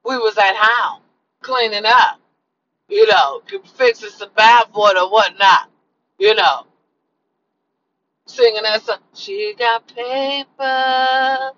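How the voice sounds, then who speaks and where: A woman's voice: medium pitch, lively intonation, takes it slowly, pauses often, bright, forceful tone, lo-fi sound. A woman giving slangy, sassy advice in a casual monologue, repeating lines for emphasis.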